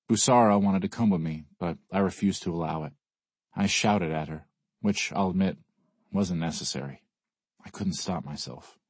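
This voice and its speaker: A man with a very deep, husky voice reads a first-person audiobook. His delivery is weary and brooding, and the recording is dry and close to the mic. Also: darkish tone, no room sound. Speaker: audiobook narrator. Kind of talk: first-person scripted narration.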